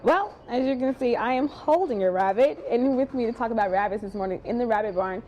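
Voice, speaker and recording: High-voiced young woman reporting live from a fair. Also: animated, brisk, dull audio, slight background noise. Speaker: field reporter. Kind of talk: live TV field interview. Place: outdoor county fair barns.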